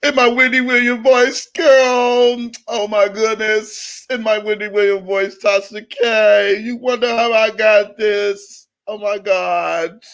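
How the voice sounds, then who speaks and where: A man's voice: high voice, fairly even intonation, slow pace, few pauses, fairly bright tone, voice pushed up, heavily acted. A man doing a gushing gossip-show hostess. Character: gushing gossipy woman talk-show host.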